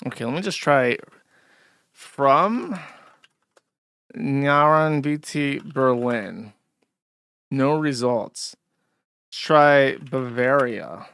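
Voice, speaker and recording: A man's voice: medium pitch, drawn-out words, long pauses, a bit bright, clean tone, no echo. A male host giving a rambling, sarcastic livestream commentary with frequent restarts.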